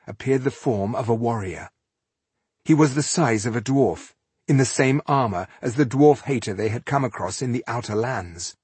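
A man narrating a fantasy audiobook in a steady, even storytelling manner. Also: medium pitch, moderate pace, husky, dry recording.

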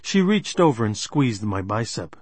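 A man's voice: lowish voice, sing-song, moderate pace, darkish tone, slightly rough, no room sound. A man narrating a first-person crime novel in a dry, understated way. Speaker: audiobook narrator.

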